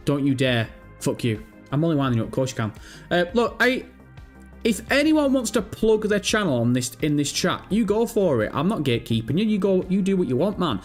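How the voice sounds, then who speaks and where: A man hosting a live stream, casually chatting and reading out viewer messages with self-mocking, sweary banter. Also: fairly high pitch. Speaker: livestream host.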